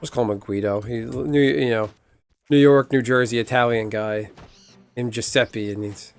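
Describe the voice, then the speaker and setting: A man's voice: medium pitch, fairly even intonation, normal speed, gravelly, clean tone, soft background music. A man from the United States streaming a game, chatting casually in a rambling way and swearing now and then. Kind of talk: casual chat while gaming.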